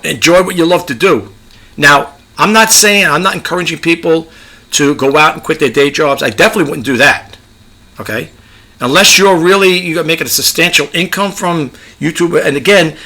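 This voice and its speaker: Middle-aged male vlogger with a New York accent, rambling and repetitive, slightly high and gravelly. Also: pushed and bright. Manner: rambling, chatty, repeats himself. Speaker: YouTube creator. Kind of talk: casual advice monologue.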